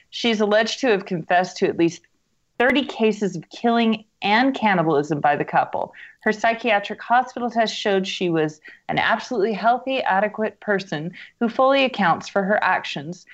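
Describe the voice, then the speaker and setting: A woman's voice: medium pitch, moderate pace, highs cut off. A woman co-hosting a casual podcast, reading a news article aloud, stumbling over foreign names and adding dry sarcastic asides.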